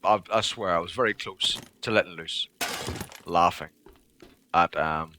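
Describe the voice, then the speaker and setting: A man's voice: low-pitched, measured pace, noisy background. A man livestreaming a game, chatting casually to his viewers in a profane, rambling way. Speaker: livestreaming gamer. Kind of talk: casual chat while playing a game.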